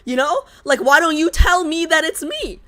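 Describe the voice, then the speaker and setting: A young woman streaming a game live, chatting in an animated, exasperated, rambling way. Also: high voice, moderate pace.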